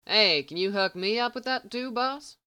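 A woman's voice: medium pitch, moderate pace, sharp tone, smooth, dry recording, voice pushed up, lightly acted. A woman reading the lines of a cocky hitman who talks in a lazy drawl. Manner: drawling, casual.

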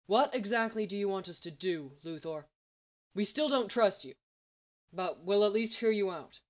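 A woman's voice: mid-range voice, lively intonation, moderate pace, natural voice. Brief: a woman voicing a distrustful male hero, terse and guarded. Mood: wary. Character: wary proud male space hero.

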